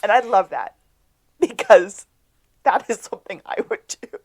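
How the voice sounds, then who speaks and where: A woman's voice: medium pitch, big pitch swings. A woman co-hosting a podcast, casually retelling a TV episode and acting out the characters' lines. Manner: storytelling, acts out quotes with drawn-out delivery. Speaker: podcast co-host. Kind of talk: casual episode recap chat.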